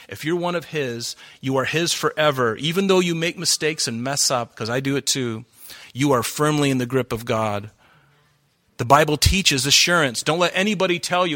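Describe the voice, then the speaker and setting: Fired-up preacher man, bright voice. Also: a little high, normal speed. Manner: fervent preaching, worked up, with laughs and asides. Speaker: pastor. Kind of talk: sermon. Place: church hall before a congregation.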